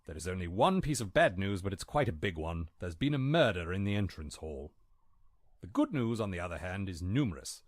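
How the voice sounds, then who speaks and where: A man's voice: deep voice, sing-song, fairly quick, dry recording, studio quality. An actor in his sixties playing a polite, formal butler in a game. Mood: prim. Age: 60s. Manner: prim, courteous and formal. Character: polite elderly English male butler.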